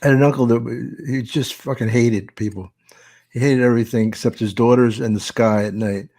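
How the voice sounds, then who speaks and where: A man with a gruff manner tells profane anecdotes in a casual podcast chat. He sounds relaxed among friends. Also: medium pitch, brisk. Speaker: podcast host.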